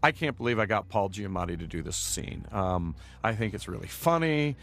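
A film director giving a loose, rambling commentary track with lots of filler words. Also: male voice, fairly low pitch, big pitch swings, moderate pace, vocal fry, fairly bright tone.

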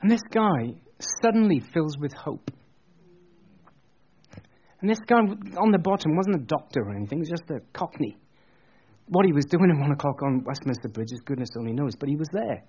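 Animated, husky preacher man. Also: on the high side, moderate pace, muffled recording. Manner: animated, chatty, jokey asides. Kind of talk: sermon with storytelling.

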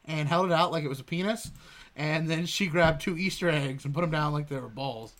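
A man with a bright, slightly raised voice, co-hosting a casual podcast. He rambles through stories, stops often for fillers, and keeps things loose and chatty. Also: a little high, fairly quick. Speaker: podcast co-host. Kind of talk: casual chat.

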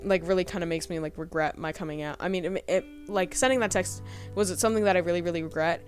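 A woman's voice: on the low side, steady tone, fast talker, soft background music. A young woman hosting a podcast, telling a personal story in a rambling, hesitant way, full of fillers. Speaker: podcast host.

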